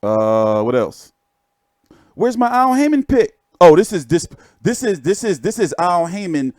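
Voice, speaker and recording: On his boxing channel's livestream, a man chats casually and shows pictures, rambling and swearing as he jokes. He speaks high and sing-song at an unhurried pace, with a darkish tone and no room sound.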